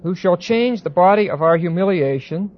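A man lecturing a Bible class, pausing and repeating words and often checking that students follow. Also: sits high, lively intonation. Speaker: Bible teacher. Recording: dull lo-fi recording with faint hiss.

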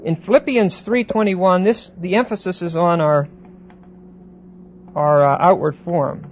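A man lecturing a Bible class, pausing and repeating words and often checking that students follow. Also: sits high, fairly even intonation. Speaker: Bible teacher. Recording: dull lo-fi recording with faint hiss.

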